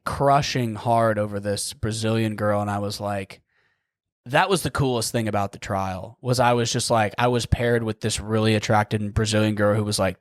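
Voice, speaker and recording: A man's voice: on the low side, no echo, studio quality. A young man hosting a podcast, telling a story in a rambling casual way, full of "like" and casual swearing. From United States. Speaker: podcast host.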